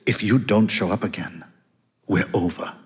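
A man reading an audiobook, voicing a woman with a hoarse, forced voice who speaks low and quietly. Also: normal speed, big-room sound, close to an everyday voice. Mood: hurt, reproachful. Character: hoarse, strained woman, the hero's lover. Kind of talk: audiobook character voice.

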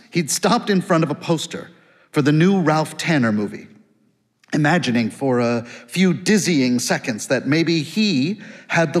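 A man narrating a literary novel as an audiobook, lively and reflective. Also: fairly high pitch, big-room sound.

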